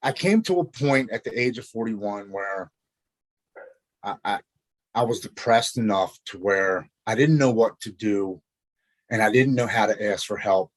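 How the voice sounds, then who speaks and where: A man in his forties with a low voice shares his own hard story as a podcast guest, speaking earnestly and haltingly, often restarting his sentences. The sound is dry and close. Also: expressive, dry recording. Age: 40s. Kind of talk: personal recovery story in conversation. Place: Maryland.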